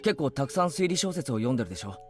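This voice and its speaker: A man's voice: mid-range voice, sing-song, very fast, darkish tone, soft background music, close to an everyday voice. An actor playing a curious, insistent teenage boy in an anime. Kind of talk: anime voice acting.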